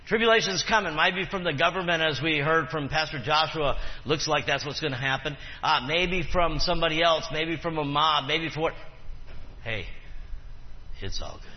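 Man, pastor, sermon, call-and-response questions, repeats for emphasis, echoing church hall, muffled lo-fi audio. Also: fairly high pitch. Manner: emphatic, repeats key phrases. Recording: reverberant hall, dull lo-fi sound.

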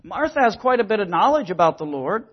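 A man's voice: sits high, sing-song, brisk, dull audio. A man preaching a sermon, earnest and emphatic, sometimes repeating words as he explains scripture. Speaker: pastor.

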